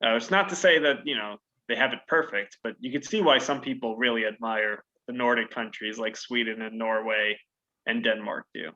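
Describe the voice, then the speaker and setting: A man who teaches economics, giving measured, thoughtful opinions in a casual discussion. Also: medium pitch, sharp tone, highs cut off.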